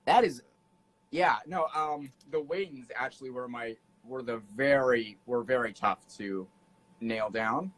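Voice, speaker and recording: A young man talking as a guest on a casual podcast, outgoing and animated, laughing often. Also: mid-range voice, a little slow, low-quality recording. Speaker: guest artist.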